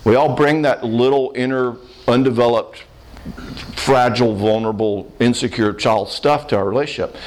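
A man giving a humorous marriage seminar talk, animated and often checking in with "all right?". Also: mid-range voice, moderate pace.

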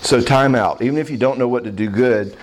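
A man leads a marriage seminar in a lively, joking way. His voice sits at an ordinary middle pitch, and he keeps tagging his points with quick check-ins to the room. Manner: animated, checks in with "all right?". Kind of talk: humorous seminar talk.

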